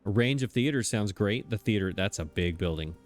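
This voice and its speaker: His voice on the low side, a man narrates a let's play a little fast and expressively, soft music underneath. The commentary is casual and self-mocking, as he chats, puzzles things out aloud and laughs off his own blunders.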